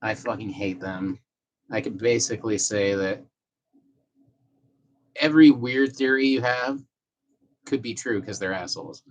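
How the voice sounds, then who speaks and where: A man's voice: lowish voice, steady tone, measured pace, long pauses, low-quality recording. A man on a casual live stream, reading viewer messages aloud and talking to his cat in a loose, profane way. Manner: chats to his cat between comments.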